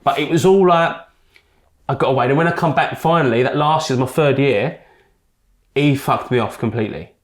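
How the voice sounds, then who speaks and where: A young man telling his story as a podcast guest, rapid, sweary and animated. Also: medium pitch. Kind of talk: casual storytelling. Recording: roomy echo.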